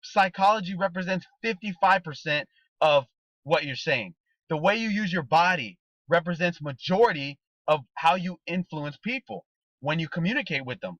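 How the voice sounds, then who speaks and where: A man's voice: a little high, animated, moderate pace, fairly bright tone, no room sound. A man giving a motivational training talk, coaching his listeners emphatically with rhetorical questions and a repeated "guys" and "okay?". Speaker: network marketing trainer. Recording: dull, dry recording.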